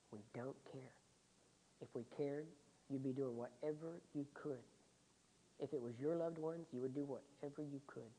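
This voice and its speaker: A man preaching a sermon and recounting a personal story with deep emotion, often dropping to a hushed voice. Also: slight background noise, poor audio.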